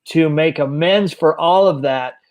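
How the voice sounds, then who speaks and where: Earnest, supportive host. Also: male voice, a little high, a little slow, muffled recording. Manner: earnest, supportive, repeats words. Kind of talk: earnest interview, recovery talk.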